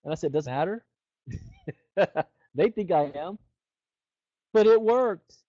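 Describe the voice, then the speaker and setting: A man's voice: high-pitched, slow pace, no echo. A middle-aged man giving a motivational network marketing training, telling stories and acting out the people he quotes. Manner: animated storyteller who acts out the quoted people. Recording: dull, dry lo-fi recording.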